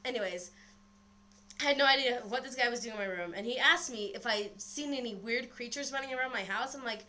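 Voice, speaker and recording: Speaking a little fast in a fairly high voice, a young woman vlogs casually on her webcam using its built-in mic. She's animated and a little out of breath, rambling and swearing freely through a story.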